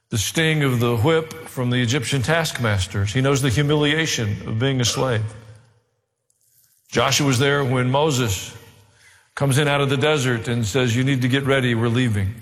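A man's voice: medium pitch, a bit bright. A male pastor preaching a sermon, earnest, with dry asides and a rise to emphatic, fervent delivery. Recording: reverberant hall.

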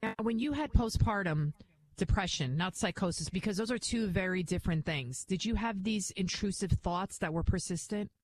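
A woman's voice: medium pitch, normal speed, rough recording. A woman hosting a call-in radio show, speaking firmly and assuredly. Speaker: radio talk host.

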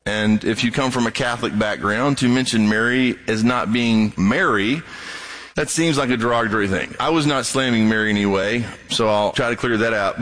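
A middle-aged male pastor preaching a sermon in a conversational way, breaking into other voices when he quotes people. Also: a bit bright. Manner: conversational, acts out quoted voices in a raised pitch.

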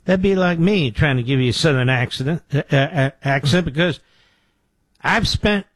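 A man's voice: a little high, normal speed, husky, dry recording. A man in his sixties from the Philadelphia area hosting a political talk radio show, mocking and sarcastic, with asides to his producer. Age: 60s.

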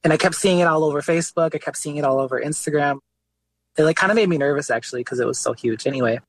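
A man being interviewed as an artist, telling his story in a relaxed, casual way with many filler words. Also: on the high side, very fast, no room sound, low-quality recording. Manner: relaxed, lots of "like" and "you know" fillers.

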